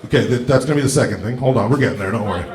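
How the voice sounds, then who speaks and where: Rambling stand-up comic. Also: male voice, mid-range voice, very fast, a little mellow. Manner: casual, rambling, frequent "right?" asides. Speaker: stand-up comedian. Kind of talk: stand-up comedy set. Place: comedy club stage before a live audience. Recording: echoey comedy club, from far off.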